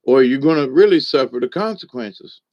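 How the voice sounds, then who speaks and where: A man's voice: mid-range voice, animated, normal speed, dull audio, lightly acted. A man voicing Saint Peter as a stern gatekeeper at heaven's gate in a told joke. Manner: questioning, gatekeeping.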